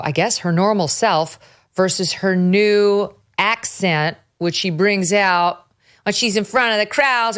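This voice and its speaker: A woman's voice: on the low side, a bit bright. A woman hosting a political talk show, delivering commentary in a sarcastic, mocking tone. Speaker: host.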